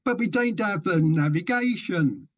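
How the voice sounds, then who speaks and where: A man's voice: high voice, lively intonation, measured pace, highs cut off. A man playing Job, an 1850s Cornish fisherman, in a broad Cornish accent with old-fashioned dialect. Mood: earnest.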